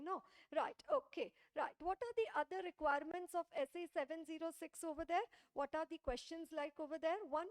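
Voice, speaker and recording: A woman with an Indian English accent giving a classroom audit lecture, often stopping to check whether students follow. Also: high voice. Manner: checks understanding with frequent rhetorical questions.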